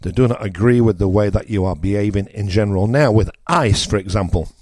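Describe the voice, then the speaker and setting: A radio host with a northern English accent holds forth in a blunt, ranting monologue, hammering his points with repetition. His voice sits on the low side, and the recording is dry and close with no room around it. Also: brisk, a little mellow, no echo. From northern England. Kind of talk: opinionated political monologue.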